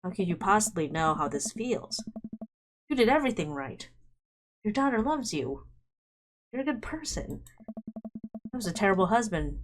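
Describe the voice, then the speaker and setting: A woman voicing a bitter, guilt-ridden middle-aged man in a dating game, in a low, subdued voice. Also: close to an everyday voice. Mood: despairing. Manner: low, subdued, self-loathing confessions. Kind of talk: reading game dialogue aloud.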